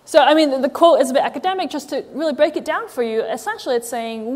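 A woman's voice: high-pitched, lively intonation, fast, few pauses, a little mellow, long reverb tail. A woman giving a casual conversational sermon as a church's executive director, chatty and wry, with frequent ums and likes. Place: church meeting hall with live audience.

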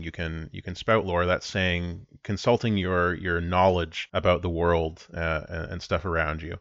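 A man running a tabletop game as game master, explaining rules in a relaxed way with frequent restarts. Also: low-pitched, normal speed, few pauses, no room sound, dull audio.

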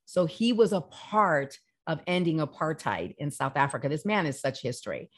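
A woman pastor talking as a podcast guest, lively and full of restarts as she tells stories. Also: low voice, moderate pace. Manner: animated storyteller, many restarts and quoted dialogue. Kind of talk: casual chat. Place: Los Angeles.

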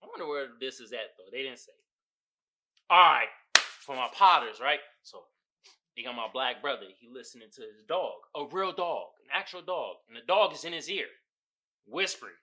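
A man hosting his own podcast, talking casually and profanely, often breaking into loud laughing outbursts. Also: mid-range voice, animated, normal speed. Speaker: podcast host. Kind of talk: casual solo podcast talk.

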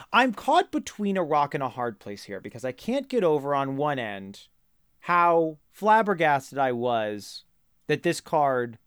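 A man co-hosting a podcast in casual comedic chat, riffing with animated, mock-outraged rants into a close mic. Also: on the high side, smooth, no echo. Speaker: podcast co-host.

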